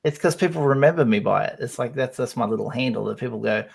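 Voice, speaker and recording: A man's voice: mid-range voice, quick pace, gravelly, breathy edge. A man hosting a casual panel chat over a video call, joking and thinking aloud. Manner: jokey, thinks aloud while browsing. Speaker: host.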